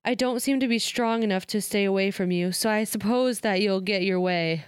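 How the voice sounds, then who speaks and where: A woman reading aloud the lines of a brooding, tormented male vampire in a hushed voice, with a smooth, dry sound. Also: mid-range voice, moderate pace, no echo, lightly acted. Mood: anguished.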